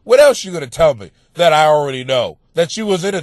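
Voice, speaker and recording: Male comic podcast host, high voice, crude rant, dead-dry booth sound. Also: animated, fast, hardly any pauses, no echo. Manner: crude, ranting, swings into yelling and laughter. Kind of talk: profane comedic monologue.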